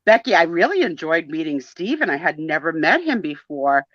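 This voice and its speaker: A woman from the New Jersey and New York area, chatting in a rambling, animated way while co-hosting a live photo sale. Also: sits low, normal speed, no echo, lo-fi sound. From northeastern US, New Jersey and New York area. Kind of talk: casual live-stream chat.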